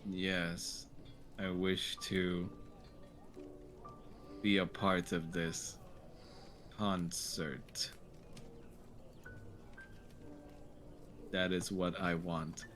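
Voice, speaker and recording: Man voicing a stiff clawed female warrior, slow and measured, low and soft. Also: steady tone, faint music behind, close to an everyday voice. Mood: forced calm.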